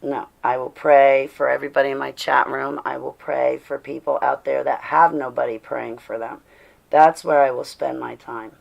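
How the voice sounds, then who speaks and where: This livestream host sounds tired as she preaches, reads viewer chat out loud, and laughs frequently in a casual stream. Her bass voice is steady with vocal fry, moving at a moderate pace.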